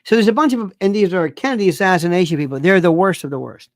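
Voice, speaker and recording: A man's voice: sits high, quick pace, no room sound, clean studio sound. A middle-aged man hosting a talk show, ranting about politics with emphatic, repetitive and sarcastic delivery.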